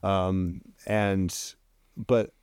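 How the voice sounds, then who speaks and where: A middle-aged man shares a personal story as a podcast guest, speaking haltingly with many restarts and ums. His voice sits on the low side, recorded close and dry with no room echo. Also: level tone, a little mellow, clean tone. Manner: halting, repeats words, frequent ums, emotional.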